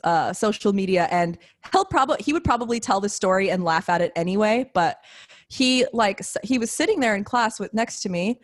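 A woman's voice: mid-range voice, expressive, moderate pace. A woman in her twenties co-hosting a podcast, telling a rambling story in casual chat with frequent laughs. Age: 20s. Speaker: podcast co-host.

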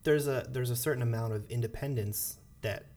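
A man hosting a casual conversation, asking questions gently with many "you know"s. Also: mid-range voice, fairly quick. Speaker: host. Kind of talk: casual chat.

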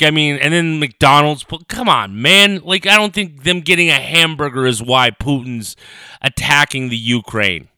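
A man's voice: mid-range voice, bright, forceful tone, clear, resonant tone, no room sound, clean studio sound. A young man hosting his own podcast from his parents' kitchen, rambling and swearing in a heated rant. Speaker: podcast host. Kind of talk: casual solo podcast rant. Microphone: home recorder on a computer.

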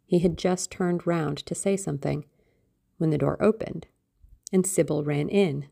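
Woman with a low, gravelly reading voice. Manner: measured, expressive. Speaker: audiobook narrator. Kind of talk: classic novel reading.

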